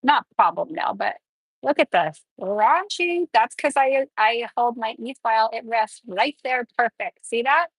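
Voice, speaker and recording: A woman's voice: a little high, a little slow, husky, dry recording, rough recording. A woman nail tech running a live tutorial, chatting and explaining each step while she works.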